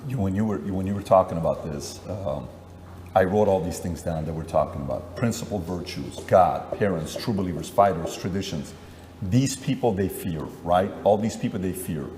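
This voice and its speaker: A man with a fairly low voice hosts an interview in a relaxed, chatty way and acts out his stories as dialogue. A long reverb tail trails his words over a faint hiss. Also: normal speed. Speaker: interviewer and host. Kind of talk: conversational interview.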